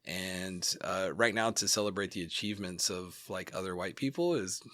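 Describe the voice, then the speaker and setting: A man's voice: low voice, moderate pace, bright, forceful tone, no room sound. A man co-hosting a podcast in casual chat, rambling with lots of fillers and blunt, profane opinions. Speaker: podcast co-host. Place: home studio. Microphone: studio mic.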